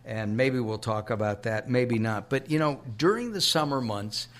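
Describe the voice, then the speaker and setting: A man's voice: mid-range voice, expressive, normal speed, a bit bright. A middle-aged man from Southern California hosting a radio talk show, chatty and joking, with lots of filler uhs.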